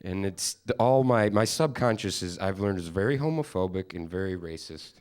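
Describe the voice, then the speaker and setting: A man's voice: deep voice, lively intonation, moderate pace, a little mellow. A young man hosting a live stand-up special, telling loose, self-mocking stories with crude punchlines on a studio stage. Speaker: stand-up comedian and host. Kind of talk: stand-up comedy set.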